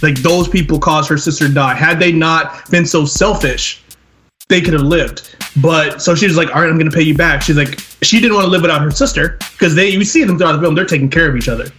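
Young male podcast co-host, lively storyteller who acts out quotes, somewhat high-pitched, light music underneath. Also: brisk. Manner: animated retelling, acts out quotes, laughs often. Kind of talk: casual film review chat.

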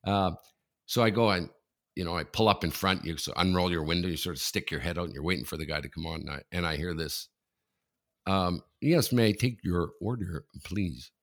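On a casual chat show, a co-host from Canada tells stories with lots of laughter, animated as he goes. His voice sits low and he talks fairly quickly.

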